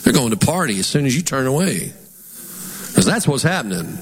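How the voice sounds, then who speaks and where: A pastor with a Southern twang preaching a sermon in an animated, folksy way, putting on mock voices. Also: male voice, medium pitch, fairly quick. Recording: long hall reverb.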